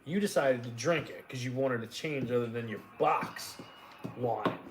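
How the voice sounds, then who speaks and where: A man's voice: mid-range voice, heavy background noise. Man telling a story, slight New York accent. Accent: faint New York. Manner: animated storyteller, quick and emphatic. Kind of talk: casual chat on a livestream.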